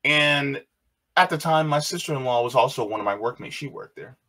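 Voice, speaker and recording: A man casually telling a personal story on his channel, animated and repeating phrases, quoting others in a raised voice. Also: medium pitch, brisk. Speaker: video host.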